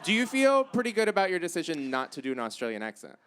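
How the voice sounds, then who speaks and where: A man working as the host's assistant on a comedy game show, deadpan and matter-of-fact as he rules on the tasks. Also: fairly high pitch, fast talker, clean tone. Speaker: assistant to the host.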